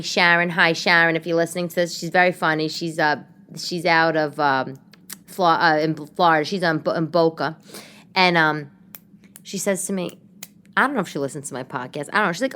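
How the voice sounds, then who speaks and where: Slightly low-pitched yet a bit bright, a New York woman rambles through stories for her podcast at home. Chatty and prone to cutting in on herself with side comments, she keeps it casual, like a living-room conversation with a friend.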